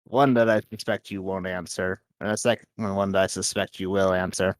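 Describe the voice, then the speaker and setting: A smooth, scheming gang agent , as a man puts him on in a tabletop game, leans on slow, knowing pauses. The voice sits low and fairly close to his everyday voice. Each question comes out sly and probing. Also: steady tone, no echo, natural voice. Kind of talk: voicing a character in a tabletop game.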